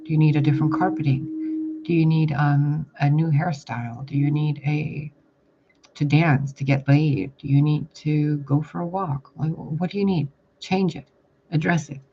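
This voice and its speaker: Speaking at a moderate pace with a slightly high voice and fairly even intonation, a spiritual reader channels a casual spiritual message. His delivery is blunt and rambling with casual swearing, over dull lo-fi audio and loud background noise.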